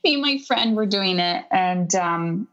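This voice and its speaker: A woman in her thirties, a guest on a podcast, tells a personal story in casual conversation, animatedly acting out the people involved and quoting herself and others in lively voices. Her mid-range voice is a little slow, and the audio is dull.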